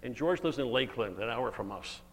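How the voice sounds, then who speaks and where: A man's voice: mid-range voice, animated, a little fast, creaky. A man preaching an earnest, emphatic sermon and reading scripture aloud. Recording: long hall reverb, faint hum.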